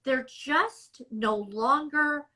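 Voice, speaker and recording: A middle-aged woman speech therapist giving measured, emphatic explanations in a podcast interview. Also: high-pitched, bright, forceful tone, low-quality recording.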